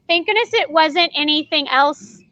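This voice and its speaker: A woman who performs as a party character, telling stories in a casual interview in an animated way, acting out the dialogue and laughing often. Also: high-pitched, moderate pace. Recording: dull lo-fi dry sound.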